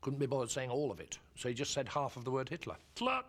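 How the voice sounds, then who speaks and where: Wry, understated actor, mid voice. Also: male voice, mid-range voice, fast talker. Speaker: actor interviewed.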